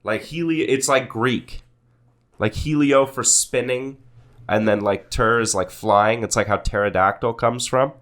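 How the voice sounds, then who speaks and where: A man's voice: mid-range voice, measured pace. A young man co-hosting a podcast, chatting casually with rambling, jokey storytelling. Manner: rambling, jokey, laughs loudly. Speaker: podcast co-host. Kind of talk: casual chat.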